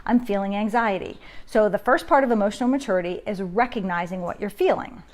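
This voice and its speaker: A woman's voice: medium pitch, lively intonation, quick pace. A woman in her thirties hosting a casual parenting live stream from home on her phone, talking conversationally and acting out inner self-talk. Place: home, indoors. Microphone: phone camera.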